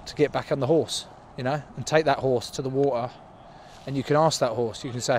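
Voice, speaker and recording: A man's voice: medium pitch, steady tone, fairly quick, darkish tone, a little hiss or hum. Man rambling in a post-match interview. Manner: rambling, joking about a horse. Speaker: rugby player in interview clip.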